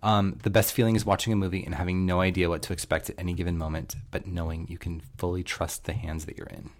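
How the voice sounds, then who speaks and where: A man's voice: low voice, flat delivery, fast talker. A man hosting a podcast in casual chat, joking and steering the talk from one segment to the next. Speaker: podcast host.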